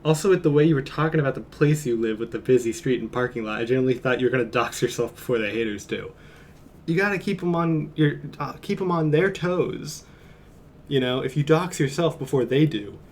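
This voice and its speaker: A man's voice: a little high, slight background noise. Rambling, jokey male streamer. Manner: rambling, jokey, chuckles often. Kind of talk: casual live-stream chat. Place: at home.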